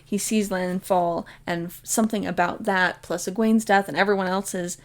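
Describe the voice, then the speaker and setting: A woman casually summarizing a book's plot in a chatty way, deeply invested in the story. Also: steady tone, moderate pace. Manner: chatty, retells the plot with "like" and "basically". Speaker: book vlogger. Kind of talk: casual spoken book summary.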